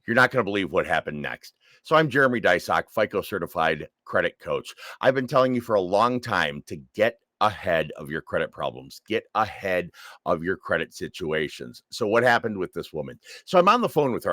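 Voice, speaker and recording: A man's voice: low-pitched, a bit bright, no echo, studio quality. A man, a credit coach, talking casually straight to his own camera as he tells a story and hammers home his advice with repeated phrases. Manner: conversational, repeats points for emphasis. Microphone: self-filmed camera.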